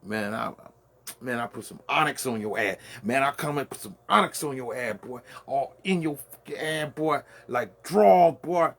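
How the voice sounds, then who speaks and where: A man's voice: medium pitch, animated, normal speed, fairly bright tone. A man with a Brooklyn accent hosting a late-night solo rant from his man cave, full of boastful, profane trash talk. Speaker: host.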